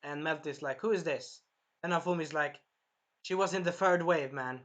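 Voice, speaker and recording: A man recapping and reviewing an anime episode in a rambling, self-correcting way, with a sore throat that he keeps clearing, acting out the characters' lines. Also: fairly high pitch, normal speed, fairly bright tone. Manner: rambling, jumps around and corrects himself, acts out characters' lines.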